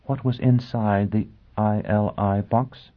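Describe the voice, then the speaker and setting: A man voicing a bitter, proud young woman in an audiobook, speaking in a low, cutting, scornful way. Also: steady tone, slow pace. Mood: urgent. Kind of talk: audiobook character voice. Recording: tinny phone-like sound.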